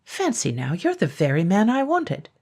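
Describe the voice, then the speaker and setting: A woman's voice: fairly low pitch, wildly swooping pitch, moderate pace, darkish tone, pitched above the performer's own voice, full character voice. Woman putting on a spluttering iron dragon. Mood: coaxing. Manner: spluttering, brusque. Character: big rusty iron male dragon, pushy and bossy.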